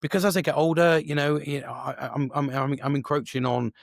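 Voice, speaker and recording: A man's voice: a little high, level tone, a little fast, gravelly, no room sound, clean studio sound. A man, a podcast host talking alone in a casual, rambling way with lots of swearing and restarts. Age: 40s. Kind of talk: casual solo monologue.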